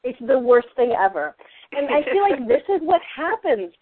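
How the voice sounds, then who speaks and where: A woman from Eastern Massachusetts speaks as an interview guest, animated and often restarting her sentences. Her voice comes through a thin, narrow phone line. The sound is dry, with no room around it. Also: high-pitched, moderate pace, dry recording. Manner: animated, frequent restarts and laughter. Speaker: novelist guest. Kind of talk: conversational interview.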